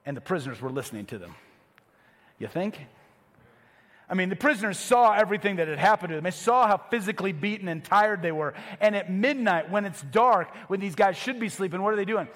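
A man's voice: sits high, big-room sound. A male pastor preaching a sermon in a conversational, emphatic way, asking the congregation rhetorical questions.

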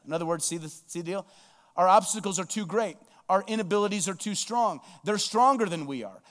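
High-voiced man preaching a sermon. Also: quick pace, long reverb tail. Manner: preaching with rhetorical questions, quoting scripture. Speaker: pastor.

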